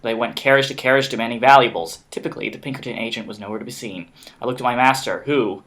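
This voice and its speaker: Bright-voiced man reading a game story. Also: mid-range voice, fairly even intonation, fast talker. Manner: reads narration with slips and restarts, laughs often. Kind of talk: casual let's-play chat and reading aloud.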